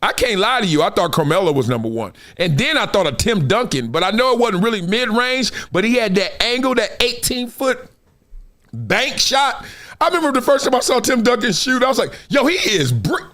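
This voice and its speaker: A man's voice: very high-pitched, animated, a little fast, sharp tone. A man from Compton hosting a live sports talk stream in a casual, slangy, playful way, laughing often. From Compton, California. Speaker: show host.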